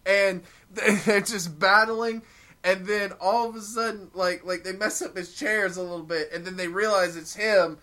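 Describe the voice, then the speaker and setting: A man's voice: high voice, steady tone, a little slow, sharp tone. A man in casual podcast chat, rambling, laughing often and repeating words as he tells the story.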